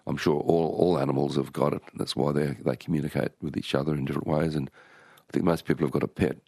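A man's voice: a bass voice, level tone, fast talker, gravelly, a little mellow, breathy edge, no echo, studio quality. An older Australian man, an author being interviewed, telling stories in a rambling way with many restarts. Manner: rambling, with frequent restarts and storytelling. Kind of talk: relaxed conversational interview.

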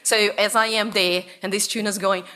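A woman from Brazil tells stories about her research to a live audience. Her voice is bright and clear. She talks in a playful, animated way and acts out little voices along the way. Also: medium pitch, normal speed. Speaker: researcher and speaker. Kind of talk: storytelling talk to an audience.

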